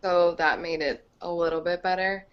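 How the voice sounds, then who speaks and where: A woman's voice: lowish voice, level tone, moderate pace, clear, resonant tone. A young woman telling a long personal story on a video call, rambling and chatty, with lots of "like". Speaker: group member. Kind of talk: casual video chat. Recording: dull lo-fi video call audio.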